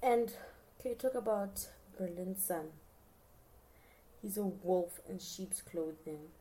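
A woman talking casually as a podcast host, chatty and expressive, often addressing her listeners directly. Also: on the low side, slow. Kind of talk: casual show recap chat.

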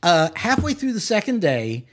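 Man, game master, tabletop game narration, high voice, casual and halting. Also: big pitch swings.

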